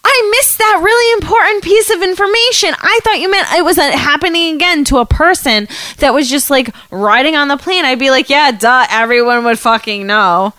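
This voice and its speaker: Woman, podcast co-host, high voice, dry close sound, excitable and casual. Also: brisk, hardly any pauses, dry recording. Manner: excitable, swears casually, exclaims. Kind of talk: casual chat.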